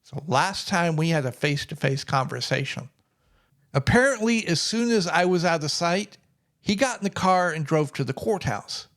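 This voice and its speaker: A man's voice: a little high, animated, normal speed, a bit bright. A middle-aged man telling a personal story in a plainspoken, wry way. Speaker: vlogger.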